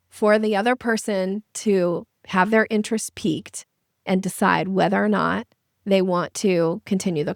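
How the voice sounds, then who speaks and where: A woman sales trainer giving an energetic masterclass, acting out little voices to make her points. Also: medium pitch, vocal fry, no echo, clean studio sound. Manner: lively, acts out little voices and examples. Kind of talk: webinar masterclass presentation.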